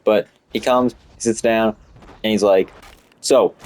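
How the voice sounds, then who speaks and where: A man's voice: on the low side, steady tone, measured pace, darkish tone. A young man in his late teens telling rambling, profane school stories in a casual way while playing a video game. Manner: rambling, profane, full of fillers like "you know" and "like". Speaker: student gamer talking while playing.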